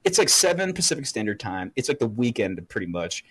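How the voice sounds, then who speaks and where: A young man co-hosting a podcast, telling a story in casual chat with lots of swearing and animated bursts. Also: lowish voice, a little fast, husky. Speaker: podcast co-host.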